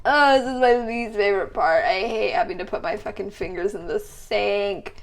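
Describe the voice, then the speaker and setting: A woman's voice: mid-range voice, moderate pace, gravelly. A young woman rambling and swearing casually in a late-night vlog while washing dishes in her kitchen. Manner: swears a lot, rambling, laughs often. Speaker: vlogger.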